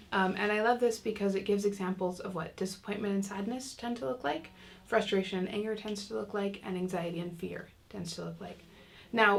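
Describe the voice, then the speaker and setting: A woman's voice: mid-range voice, creaky. A woman teaching a casual online parenting lesson, talking in a chatty way with many fillers and restarts. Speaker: parenting class instructor.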